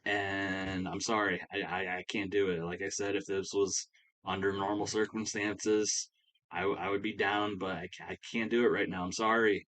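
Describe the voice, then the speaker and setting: A man voicing a young male wrestler fixed on his title shot, talking earnestly and fast with stammered apologies. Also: sits low, flat delivery, a bit bright, rough recording.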